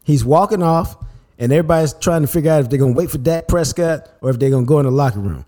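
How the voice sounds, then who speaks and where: A man hosting a sports podcast, telling stories in an animated, slangy, casual way. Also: a little high, fast talker.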